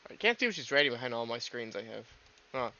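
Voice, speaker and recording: Bright, rambling man streaming a game. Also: mid-range voice, big pitch swings, quick pace, dull audio. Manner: rambling, swears often. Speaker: streamer, VTuber. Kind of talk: casual game stream chat.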